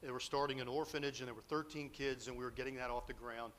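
A man telling a lively personal story in a sermon, acting out the dialogue as he goes. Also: medium pitch, quick pace, slight background noise. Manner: animated storyteller, acts out quotes, grows loud and excited.

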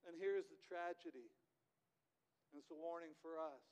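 A man preaching a sermon, swinging from loud impassioned peaks to hushed low phrases and calling on the congregation to respond. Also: normal speed, smooth. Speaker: pastor.

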